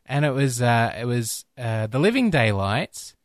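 A man's voice: mid-range voice, big pitch swings, a little slow, no echo, clean studio sound. A man co-hosting a film podcast in casual chat, wandering into tangents with many restarts. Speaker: podcast co-host.

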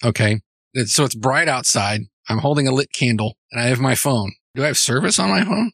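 A man's voice: mid-range voice, lively intonation, a little fast, creaky, fairly bright tone, no room sound, clean studio sound. A man playing a tabletop role-play game, talking in a rambling, playful way with many restarts. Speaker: player.

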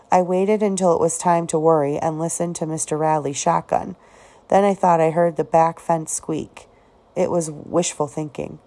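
Low, gravelly-voiced woman reading a novel. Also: mellow. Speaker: audiobook reader.

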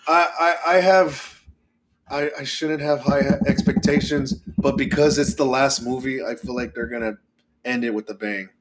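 A man co-hosts a casual podcast chat. He sounds relaxed, leans on "like" fillers and swears freely. His voice sits in an ordinary middle pitch. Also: normal speed, background noise. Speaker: podcast co-host.

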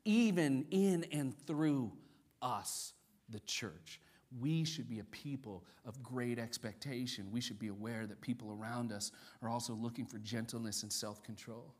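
A man preaching as pastor in a church service, rising to loud, animated peaks and dropping soft for solemn points. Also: mid-range voice, normal speed, breathy edge. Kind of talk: sermon. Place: church sanctuary during a service.

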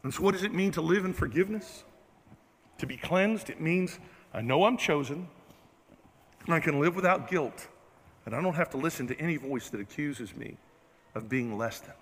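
Male pastor, lively swooping voice, humorous sermon, church hall reverb. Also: on the high side, moderate pace, pauses often, breathy edge. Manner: animated, joking and self-mocking, talks to the room. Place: church sanctuary.

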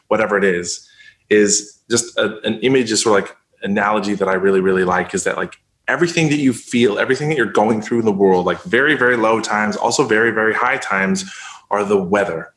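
Appearing as an interview guest, a man rambles casually, saying "like" constantly as he encourages people through hard times. His voice is fairly low and a bit bright, he talks fast, and the room is reverberant.

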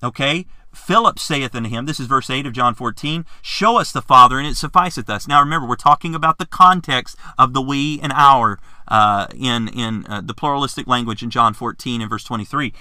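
A man's voice: mid-range voice, a little fast, few pauses, pushed and bright, no echo, clean studio sound. A man teaching a Bible lesson in an earnest, fervent way, often stumbling and restarting his phrases.

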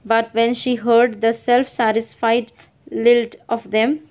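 A woman's voice: fairly high pitch, level tone, slow pace, darkish tone. Woman narrating a novel, lo-fi. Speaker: audiobook narrator. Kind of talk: scripted literary narration. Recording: dull lo-fi audio.

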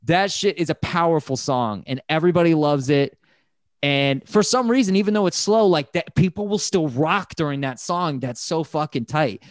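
A man's voice: a little high, moderate pace, no room sound, clean studio sound. Rambling, profane man in casual chat. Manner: rambling, profane, animated when excited.

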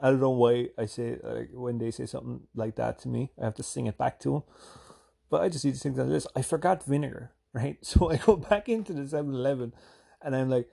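A man from Ireland with a softened Irish accent, rambling through a casual, profane, self-deprecating vlog monologue. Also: mid-range voice, a little fast, creaky. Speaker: vlogger.

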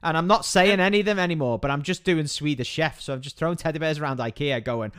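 A man in his thirties trading crude jokes as a podcast co-host. His voice sits a little high and rings bright and forceful, and he curses freely and laughs often. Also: fast, clean tone. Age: 30s. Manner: profane, joking, laughs often. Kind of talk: crude casual banter.

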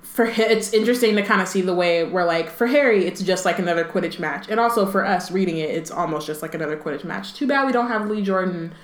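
A woman's voice: lowish voice, quick pace, hardly any pauses, reverberant. A woman co-hosting a book podcast, chatting casually and reading passages aloud, with many "like" and "um" fillers and playful asides. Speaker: podcast co-host.

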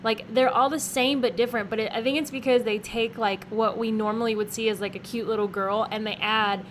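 A woman's voice: a little high, fairly even intonation, fairly quick, slight background noise. A woman in casual chat, agreeing often and searching for words as she compares artists. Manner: agreeable, frequent backchannel replies. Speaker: co-host.

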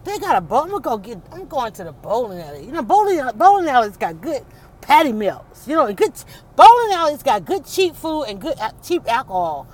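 A woman's voice: high voice, sing-song, a little fast. Chatty woman vlogging from her car. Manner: chatty, rambling, addresses viewers as y'all. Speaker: podcast host. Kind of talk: casual vlog talk while driving. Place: in a car on city roads.

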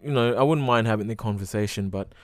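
A young man talks through a casual solo podcast in a smooth, resonant, fairly low voice. He rambles freely, leans on filler words and swears often. The sound is dry and close, with no room around it. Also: quick pace, dry recording. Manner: rambling, full of "like" and frequent swearing. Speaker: podcast host.

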